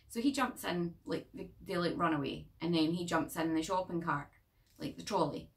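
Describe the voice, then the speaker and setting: A woman's voice: on the low side, brisk, recorded from a distance. A young woman who reviews horror films in a casual vlog, chatty and rambling, swearing freely and joking along the way.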